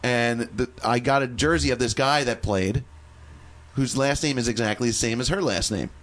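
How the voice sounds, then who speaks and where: A man on a podcast, telling a funny personal story in casual chat, animated and often laughing. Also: mid-range voice, normal speed. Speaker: podcast co-host.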